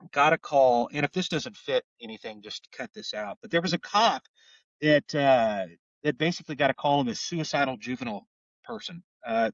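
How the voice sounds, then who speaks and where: A man's voice: mid-range voice, fairly bright tone, no echo, far from the mic. A middle-aged homicide detective with an Oklahoma accent talks earnestly and repeats words as he tells stories. His voice sits a little back from the mic. The room is dry, and the sound is slightly muffled. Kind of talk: podcast interview storytelling.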